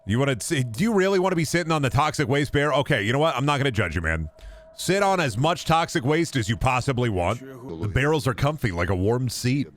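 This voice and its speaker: A young man casually commenting on his gameplay, joking and breaking into sudden high yelps and shouts. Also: sing-song, brisk, a little hiss or hum. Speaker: gaming streamer.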